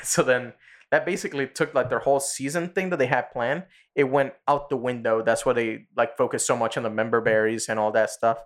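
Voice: mid-range voice, steady tone, brisk. A podcast co-host in casual chat, rambling through retellings of cartoon episodes with swearing and laughter.

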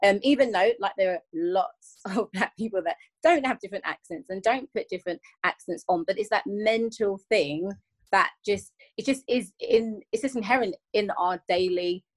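Guest voice: earnest woman in her thirties, mid-pitched, reflective and repetitive. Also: moderate pace. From England. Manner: earnest, circles back and repeats while searching for words. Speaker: podcast guest. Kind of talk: reflective conversational interview.

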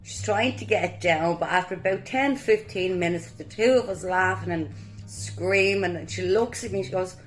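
An Irish woman sharing lively, colloquial stories in a personal tribute to her late cousin. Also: lowish voice, normal speed, soft background music. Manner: lively anecdotal storytelling, colloquial. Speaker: guest sharing memories of a cousin.

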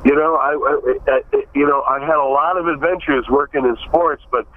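A man from Buffalo tells his stories in a relaxed, animated way and slips into voices for the people he quotes. The recording sounds a little muffled and dull. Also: a little high, normal speed, slight background noise. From Buffalo, New York. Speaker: guest. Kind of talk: casual storytelling in an interview.

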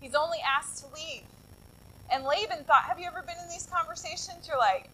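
A woman pastor delivers a sermon in a high, bright voice. She retells scripture in a lively, conversational way and turns to her congregation with casual asides. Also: fairly quick, slight background noise, rough recording. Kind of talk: sermon with Bible storytelling.

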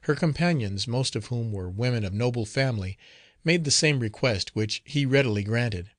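A man narrating a classic novel in a measured, formal storytelling manner. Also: mid-range voice, expressive, dry recording, clean studio sound. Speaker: audiobook narrator.

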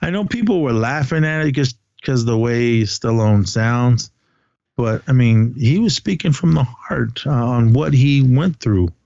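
A man's voice: medium pitch, a little slow, vocal fry, a little mellow, no echo. Man rambling about a movie, dull dry sound. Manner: rambling, retells scenes with many restarts. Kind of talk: casual movie chat.

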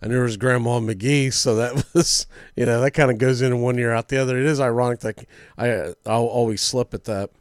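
A man's voice: medium pitch, fairly even intonation, fairly quick, dry recording, clean studio sound. A man hosting sports talk radio, telling old game stories in a chatty way with small slips.

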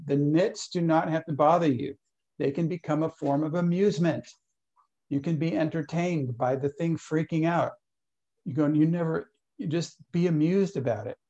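A man's voice: on the high side, a little mellow, lo-fi sound. A man leading a workshop, talking loosely through stories and acting out little inner voices. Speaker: workshop leader. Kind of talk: teaching talk.

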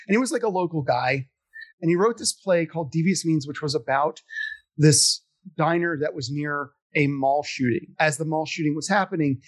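A middle-aged man spins a long, meandering story in casual conversation. He fills the gaps with ums and likes and pokes fun at himself. His voice sits a little high for a man. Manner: rambling, animated, self-deprecating, with many fillers. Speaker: podcast guest telling stories.

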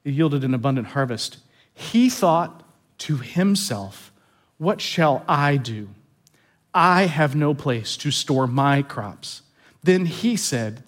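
A man pastor giving a sermon in an earnest, confessional way, often repeating words as he stresses a point. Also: fairly high pitch.

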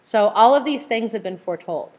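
A middle-aged woman leads a casual group Bible study in a fairly high voice. She talks in an animated way, restarting sentences often and briefly acting out voices with sudden outbursts. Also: brisk.

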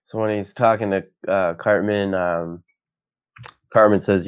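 A man's voice: on the low side, fairly even intonation, measured pace, clear, resonant tone, no echo, dull audio. A man co-hosting a podcast in casual chat, retelling with fillers.

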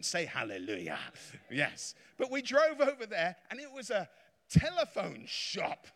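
Male English preacher, high and very lively delivery, jokey revival storyteller, reverberant hall. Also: moderate pace. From England. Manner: animated, jokey storytelling with calls of hallelujah and amen. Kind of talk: revival sermon. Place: large church hall.

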